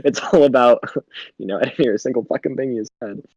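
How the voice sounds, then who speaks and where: A man's voice: medium pitch, a little fast, darkish tone, breathy edge, no echo, dull audio. A young man co-hosting a podcast in casual chat, laughing often and swearing, with lots of fillers. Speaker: podcast co-host.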